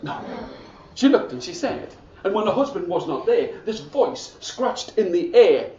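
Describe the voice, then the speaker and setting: Male storyteller for schoolchildren, expressive, gets the kids to join in, distant mic in an echoey school room. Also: sits high, a little slow, a little hiss or hum. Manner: expressive, asks the audience to join in.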